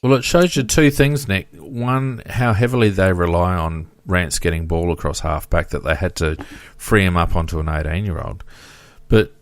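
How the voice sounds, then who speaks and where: A man's voice: low-pitched, moderate pace, no room sound. A man co-hosting a casual football podcast, reading out stats with frequent fillers. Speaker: podcast co-host.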